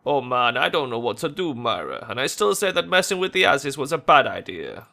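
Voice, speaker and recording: A man reading a worried young man in a game who speaks bluntly. The voice is bright and tense, with some vocal fry. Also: mid-range voice, very animated, fairly quick, exaggerated voice. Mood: anxious. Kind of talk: reading game dialogue aloud.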